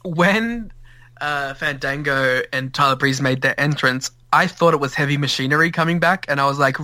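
An Australian man co-hosts a casual podcast with a dry, wry delivery. His voice is bright and sharp, recorded close and dry with no room sound. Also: fairly high pitch, normal speed, no echo. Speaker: podcast co-host. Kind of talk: casual chat.

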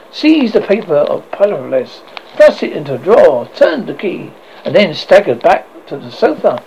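A man's voice: sits high, gravelly, darkish tone, dull audio, slight background noise. A man narrating a classic horror story with dramatic delivery, often stumbling and restarting words.

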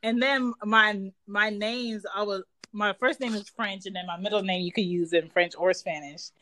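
A woman in her thirties from Georgia, chatting casually and telling animated stories with big jumps in her voice. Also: moderate pace, dry recording. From United States (Georgia). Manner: animated, laughing storyteller with big pitch jumps. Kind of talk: casual chat.

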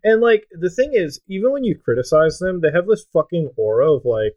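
A man's voice: on the high side, animated, brisk, darkish tone, no echo, highs cut off. A man in casual podcast chat, rambling and swearing, often laughing.

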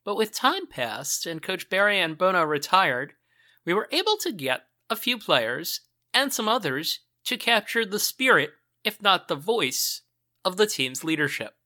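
A man narrates a podcast in a measured, scripted storytelling manner. His tone is bright and forceful. His pitch moves in a lively way.

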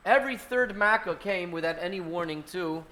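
A man's voice: sits high, a little fast, sharp tone. A man teaching an informal Torah class at an indoor gathering, speaking in a conversational way full of fillers and restarts.

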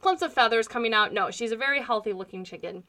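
Woman podcast host rambling through a story, kinda high, bright tone. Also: quick pace. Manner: chatty, rambling storyteller with frequent laughs. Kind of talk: casual chat.

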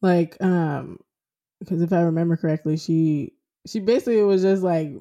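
Co-host, mellow tone, casual book chat, agreeable short replies. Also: mid-range voice, moderate pace. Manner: agreeable, brief backchannel replies.

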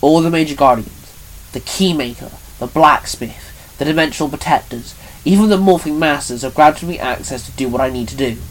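A man voicing a calm, sarcastic male guardian of time who speaks sternly and dryly. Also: on the high side, normal speed, close to an everyday voice, poor audio.

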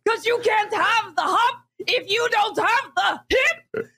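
A woman rapping a party song in a put-on German accent, shouting it out playfully. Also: very high-pitched, slow, heavily acted.

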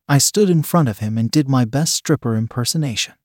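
A man reading a first-person story in a steady scripted narration. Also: mid-range voice, fairly quick, hardly any pauses, dry recording, studio quality. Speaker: story reader.

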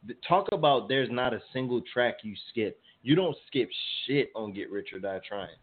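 A man co-hosting a casual radio show, slangy and emphatic, talking over his partner with excitement. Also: mid-range voice, normal speed. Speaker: podcast co-host. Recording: phone-like narrow sound.

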